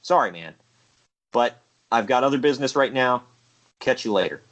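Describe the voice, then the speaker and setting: A man's voice: mid-range voice, expressive, moderate pace, fairly bright tone, close to an everyday voice. A man reading the lines of a polite, determined young wrestler in a sincere, friendly way, close to his own voice. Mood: apologetic.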